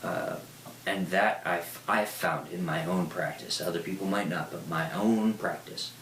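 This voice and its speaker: A man with a low voice tells rambling, profane stories at a slow, unhurried pace. His voice echoes in a roomy space. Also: slight background noise. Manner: rambling, profane, lively storyteller. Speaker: speaker. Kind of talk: casual storytelling talk. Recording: roomy echo.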